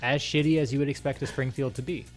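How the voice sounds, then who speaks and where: A man's voice: medium pitch, steady tone, fast talker, faint music behind. A man from Massachusetts co-hosting a casual podcast, teasing and playful, swearing freely in banter. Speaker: podcast co-host. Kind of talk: casual chat.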